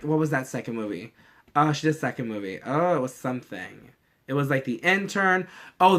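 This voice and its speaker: A young man with a bright, somewhat high voice gushes in casual vlog chat. He swears freely and slips into little acted-out voices for the people he talks about. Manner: gushing, expressive, swears freely, acts out quoted voices. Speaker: vlogger reacting to a movie trailer.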